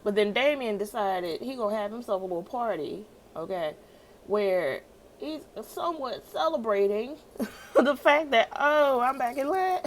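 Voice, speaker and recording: A woman casually recapping a TV episode, animated and slangy, laughing often. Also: mid-range voice, a little slow, slight background noise, low-quality recording. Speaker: TV show recapper.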